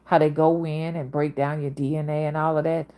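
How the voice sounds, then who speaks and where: A woman's voice: low voice, little pitch movement, brisk, dark tone. A woman in her fifties with a Southern accent, talking in a casual, rambling monologue that jumps between topics. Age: 50s. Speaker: spiritual reader and channel host.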